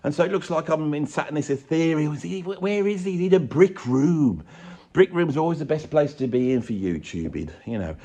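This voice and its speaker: A man's voice: fairly high pitch, lively intonation, fairly quick, dark tone. A man ranting sarcastically in a rambling vlog, filmed in a room with bare brick walls. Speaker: YouTuber and drummer.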